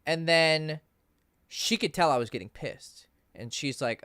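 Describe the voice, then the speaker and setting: A man's voice: mid-range voice, a little slow, clear, resonant tone, no echo. A man coaching on dating, telling a story in a casual, profane livestream Q&A and acting out the people he quotes. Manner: casual, profane, animated when quoting others.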